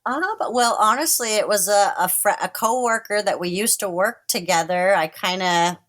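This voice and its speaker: A woman who works at a dog park and gallery, chatting in an interview, full of "you know" and soft laughs. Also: mid-range voice, normal speed. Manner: warm storytelling with frequent "you know" and light laughs. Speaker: staff member at Dog Mountain. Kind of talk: casual interview conversation.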